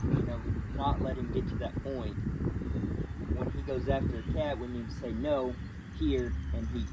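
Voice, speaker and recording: A man working as a dog trainer, explaining training in a blunt, casual way while giving the dog short commands. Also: mid-range voice. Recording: distant mic with loud outdoor noise.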